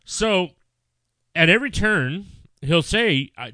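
A man in his thirties tells a story about coaching his son's baseball team. He talks in an animated way and curses when he gets worked up. His voice is mid-pitched, and the sound is dry and close. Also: normal speed, dry recording. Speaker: youth baseball coach and father. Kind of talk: casual chat.

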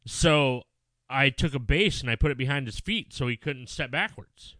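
A man in his thirties, a father who coaches youth baseball, telling a story in casual chat, animated and swearing when angry. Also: mid-range voice, moderate pace, dry recording.

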